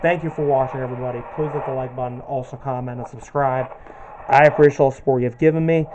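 A man's voice: medium pitch, steady tone, fast talker, darkish tone, highs cut off, a little hiss or hum. A man hosting a gaming channel, giving casual commentary and narrating each move as he plays.

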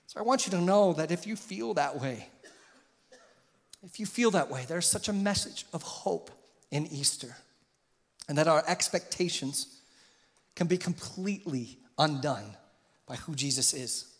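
Impassioned pastor in a reverberant church. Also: male voice, expressive, a little slow, long pauses. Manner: impassioned, rises in pitch and volume on questions. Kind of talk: sermon. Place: church sanctuary. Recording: long hall reverb.

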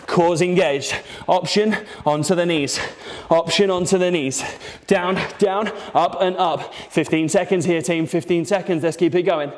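Upbeat male workout coach, counts reps, pushes you on; slightly high voice in a reverberant space. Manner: energetic, encouraging, counts reps aloud. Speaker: fitness instructor. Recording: roomy with long reverb.

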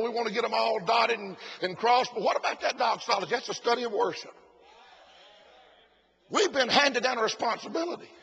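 A man preaching a sermon at a conference, breaking into shouted lines and "bless God" asides. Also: very high-pitched, creaky, a little hiss or hum. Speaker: pastor. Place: conference hall.

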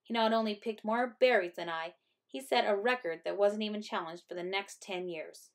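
A woman teacher reading a picture book aloud to third graders in a gentle, expressive way. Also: mid-range voice, a little fast.

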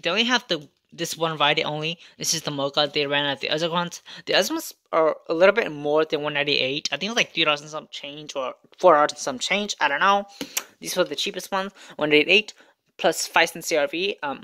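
A woman vlogs to camera about her couponing and shopping, rambling in a sassy, repetitive way. Her voice sits a little low but has a bright, sharp edge. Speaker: couponing vlogger. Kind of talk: rambling storytime vlog.

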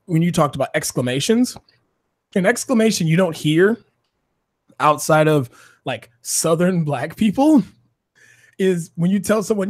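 A man with a voice that sits a little higher than most men's chats casually on a panel. He talks animatedly, punctuating his points with asides. The sound is close and dry, with no room around it. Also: measured pace, long pauses, dry recording. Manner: animated, says "dude" and "by the way" often. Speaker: podcast co-host.

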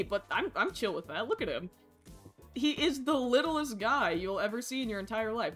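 A woman streaming a survival game live, chatting with viewers and yelling at the game, swinging from low mumbles to shrieks. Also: big pitch swings, fairly quick, soft background music.

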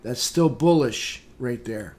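A man with a mid-range voice hosts a live trading room, calmly walking through market charts in a recap. His commentary is unhurried and plain, dotted with casual fillers.

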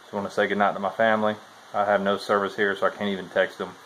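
A man's voice: fairly low pitch, level tone, fast, fairly bright tone, a little hiss or hum, low-quality recording. Laid-back man vlogging from the trail. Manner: laid-back Southern-style talk with "y'all". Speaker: thru-hiker vlogger. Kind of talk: casual vlog chat. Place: outdoors at a forest trail shelter.

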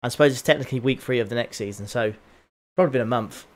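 A man commentating his own sim race on a live stream, excitable and chatting to his viewers. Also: medium pitch, very fast. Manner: excitable, laughs often, chats to viewers.

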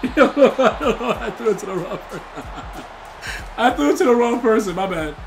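A young man in casual live-stream chat with his viewers, excitable and profane, talking in a style. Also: high-pitched, a little slow, faint music behind. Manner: loud, profane, excitable trash talk.

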